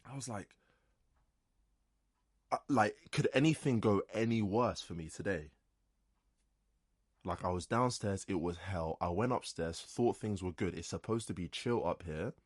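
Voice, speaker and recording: A young man, telling a story on his podcast as an animated rant full of swearing and filler words. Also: low voice, unhurried, long pauses, husky, no room sound, clean studio sound. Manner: animated ranting, frequent swearing and "like". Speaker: podcast host. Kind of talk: casual solo storytelling.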